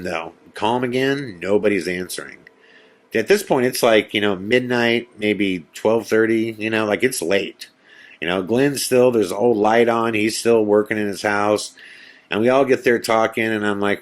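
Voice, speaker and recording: A man's voice: fairly low pitch, normal speed. Man telling a spooky story casually. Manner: animated retelling with quoted dialogue, many fillers. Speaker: podcast host.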